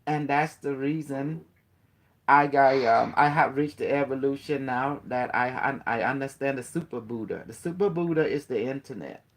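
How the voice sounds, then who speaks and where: Man, mid pitch, loose spiritual teacher, rambling and repetitive, keeps quizzing the listener. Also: normal speed. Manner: rambling, repetitive, breaks into playful chanting; questions the listener often. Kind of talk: casual spiritual talk.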